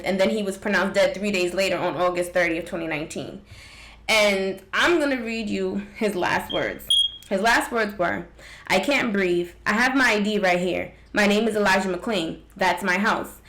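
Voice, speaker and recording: A woman's voice: mid-range voice, a bit bright, reverberant, rough recording. A woman vlogger with features delivers her commentary raw and emphatic. She talks right at the viewer in casual slang, pressing each point hard. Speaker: vlog host.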